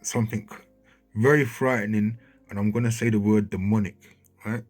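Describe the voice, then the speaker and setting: Husky man excitedly narrating footage. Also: lowish voice, moderate pace, faint music behind. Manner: excitable, keeps checking in with listeners. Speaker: video commentator. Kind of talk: casual commentary over footage. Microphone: handheld mic.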